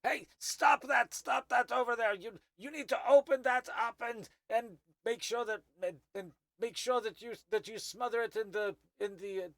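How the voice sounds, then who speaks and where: A man's voice: high-pitched, very animated, moderate pace, fairly bright tone, no echo, voice pushed up. Fussy old insect artificer, raised bossy voice, dry recording; man performing. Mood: commanding. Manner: fussy, distracted, barking orders.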